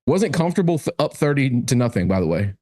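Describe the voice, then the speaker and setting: A man's voice: medium pitch, big pitch swings, quick pace, warm tone. A man co-hosting a sports podcast, chatting casually in a sarcastic, joking way. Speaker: podcast co-host.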